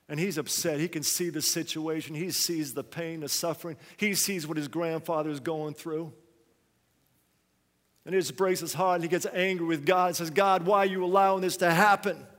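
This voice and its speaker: A male pastor preaching a sermon, swinging between quiet, hushed phrases and loud, raised ones. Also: fairly high pitch, big-room sound.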